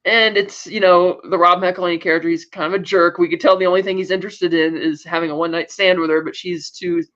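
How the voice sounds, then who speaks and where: A podcast co-host with a high, fairly bright voice recaps an episode in casual conversation, talking fast with fairly even intonation. He rambles, restarts sentences and says "like" a lot, and the lo-fi recording sounds dull.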